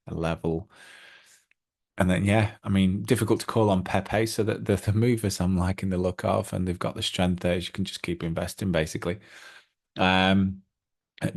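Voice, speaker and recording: A middle-aged man with a very low, gravelly voice talks casually through trading charts. He is chatty and excitable, filling gaps with ums as he goes. He sounds like an easygoing host of his own channel.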